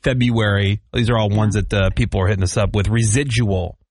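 A man's voice: on the low side, steady tone, brisk, darkish tone, dry recording, studio quality. A man hosting a casual group chat, talking in rambling sentences he often restarts. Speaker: podcast host.

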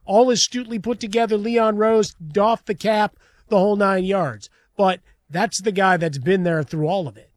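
A man's voice: high-pitched, normal speed, no room sound. A man co-hosting a sports radio show in a studio, making wry, dry quips.

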